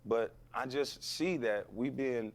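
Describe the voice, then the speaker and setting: Gravelly man, blunt and emphatic. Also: medium pitch, takes it slowly. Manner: blunt, emphatic, fires rhetorical questions. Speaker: former athlete, podcast guest. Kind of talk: heated podcast interview.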